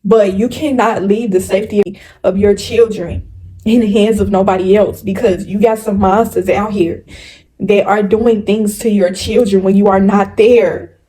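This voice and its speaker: A woman's voice: medium pitch, steady tone, a little slow, dark tone, poor audio. A woman vlogger telling a personal story to her viewers in an earnest, repetitive way, often turning to address them directly. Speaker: spirituality vlogger. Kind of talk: casual storytelling to camera.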